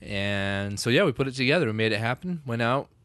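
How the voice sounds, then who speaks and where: A man's voice: medium pitch, animated, brisk, a bit bright, dry recording. A man co-hosting a podcast with his wife, chatting casually, joking and swearing freely. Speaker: podcast co-host. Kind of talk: casual chat.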